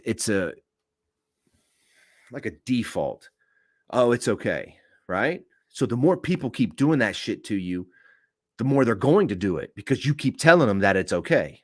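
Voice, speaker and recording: A man with a deep, low voice hosts an unscripted podcast and tells a story bluntly, swearing freely and acting out each quote. The sound is dry, with no room echo. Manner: blunt and profane, animated retelling with acted-out quotes. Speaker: podcast host.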